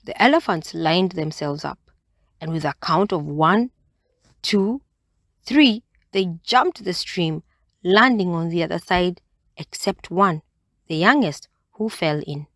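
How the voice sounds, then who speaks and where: A woman reading a children's bedtime story aloud, in a gentle and expressive way. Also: fairly low pitch, takes it slowly, no room sound, clean studio sound.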